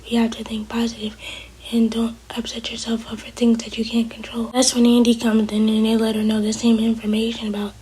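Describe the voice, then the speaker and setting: A woman talks through a drama episode in a soft, very breathy voice. Her pitch sits a bit high but barely moves, and her tone is mellow and dark. She is casual and opinionated, quoting the characters in her own voice. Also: monotone, a little fast, rough recording. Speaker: TV recap host.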